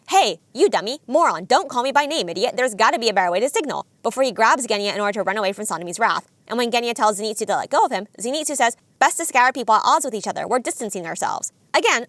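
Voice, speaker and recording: A woman narrating a scripted anime video essay in a brisk, analytical, enthusiastic way. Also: a little high, a bit bright, no room sound.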